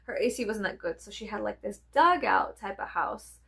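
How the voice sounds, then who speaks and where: A woman, telling rambling stories in a chatty, profane, animated way. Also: medium pitch, normal speed, gravelly, breathy edge. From American South. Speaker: vlogger. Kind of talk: rambling casual storytelling.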